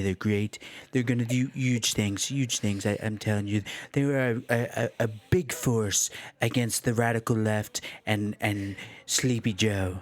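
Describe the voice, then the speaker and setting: A man's voice: on the low side, dry recording, natural voice. A man doing a boastful politician impression. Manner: brash, repeats himself for emphasis. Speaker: podcast host.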